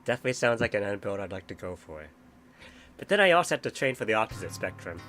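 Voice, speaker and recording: A man's voice: lowish voice, very animated, fast, a bit bright, faint music behind. A man chatting during a game stream, laid-back, with short reactions and questions. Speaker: fellow player. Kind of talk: casual chat while gaming.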